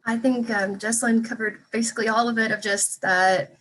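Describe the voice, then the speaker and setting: A woman's voice: on the high side, steady tone, a little fast, fairly bright tone, poor audio. Casual encouraging woman panelist. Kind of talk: online panel discussion.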